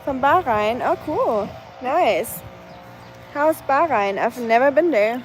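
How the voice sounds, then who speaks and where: A woman's voice: sits high, expressive, slow, soft background music, rough recording. A young woman from Germany with a German accent, chatting casually and laughing often as she walks her dog outside on a live stream. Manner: chatty, laughs often, reads and answers chat. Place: outdoors, walking a dog.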